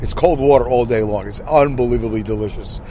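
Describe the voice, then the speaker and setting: In his car, a man in his sixties hosts a relaxed solo podcast, wandering off topic, catching his own mistakes and asking listeners things. His medium-pitched voice is mellow and a little quick. The audio carries a faint hiss or hum.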